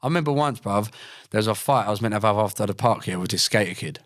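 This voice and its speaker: This young man talks quickly and with animation in a lowish voice. He's a former paratrooper turned fighter who recounts his life on a podcast in a relaxed interview, using blunt slang and plenty of profanity.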